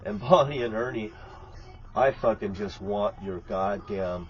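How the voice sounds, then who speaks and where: A man's voice: low voice, a little slow, highs cut off. Profane, ranting man in a vlog. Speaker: vlogger. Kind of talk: rambling angry vlog monologue. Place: inside an RV lit by candles.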